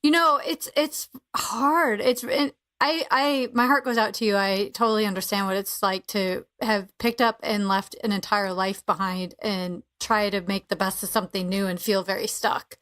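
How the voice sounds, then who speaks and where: A woman's voice: mid-range voice, steady tone, moderate pace, few pauses, a bit bright. A woman hosting a podcast interview, sympathetic and encouraging. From New York. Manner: sympathetic, brief affirmations. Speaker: podcast host. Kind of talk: casual interview chat.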